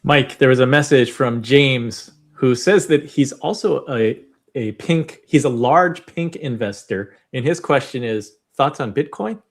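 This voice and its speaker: A man's voice: mid-range voice, unhurried. A man hosting a live panel, relaying viewer questions and asking direct follow-ups. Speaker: host.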